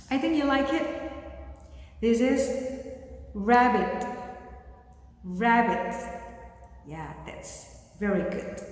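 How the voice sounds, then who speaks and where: A woman with an Indonesian accent teaching young children an English lesson, speaking slowly in simple words and making animal sounds. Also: fairly high pitch, a little mellow. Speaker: kindergarten teacher. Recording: very echoey room with long reverb.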